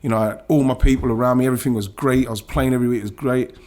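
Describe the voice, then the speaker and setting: A middle-aged man from England tells a personal story as a podcast guest. He speaks in animated bursts, swears freely and breaks into halting restarts when the memory hurts. His pitch sits in the middle. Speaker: guest, former footballer.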